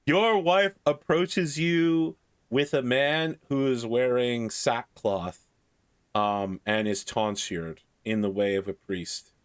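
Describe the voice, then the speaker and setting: A man narrating a tabletop role-playing game as game master, relaxed and playful. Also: medium pitch, slow pace, clear, resonant tone, no echo.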